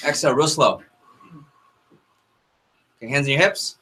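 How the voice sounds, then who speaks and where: A man's voice: a little high, normal speed, long pauses, crowd noise, poor audio. A man leading a group training session, calling out instructions and repeating them to a room full of people. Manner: energetic, directive, repeats instructions. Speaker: workshop leader.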